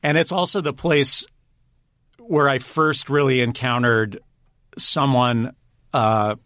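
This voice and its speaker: A man's voice: medium pitch, steady tone, slow, sharp tone, no room sound. A man being interviewed, telling stories in a chatty way, laughing often and restarting his sentences. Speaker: guest, director and writer. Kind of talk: casual storytelling interview.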